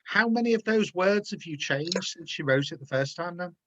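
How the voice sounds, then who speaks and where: Bright-voiced man hosting a video-call chat. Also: high voice, expressive, normal speed, highs cut off. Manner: chatty, encouraging, repeats words. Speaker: host.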